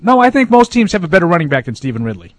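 A man's voice: sits high, big pitch swings, rapid-fire. A man giving blunt football opinions on a postgame radio show in a studio. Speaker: football analyst.

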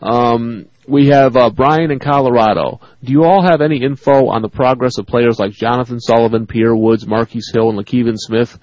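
A man's voice: medium pitch, steady tone, normal speed, hardly any pauses, darkish tone, no echo. Guy on sports radio reading emails, laughs a lot, kinda muffled dry sound. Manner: laughs often, reads emails aloud. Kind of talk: casual sports talk, reading listener emails.

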